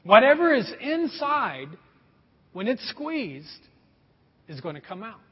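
A middle-aged pastor with a high, slightly husky voice delivers a folksy sermon, often calling out to the congregation. His voice carries a long hall reverb and sounds a bit dull, like a church sanctuary recording. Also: sing-song, takes it slowly.

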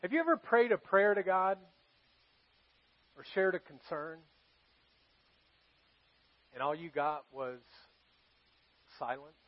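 A male pastor preaching a sermon in a church, telling stories earnestly and going quiet for serious moments. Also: sits high, lively intonation, slow, pauses often. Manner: earnest storytelling, drops soft for serious moments. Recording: dull lo-fi sermon recording.

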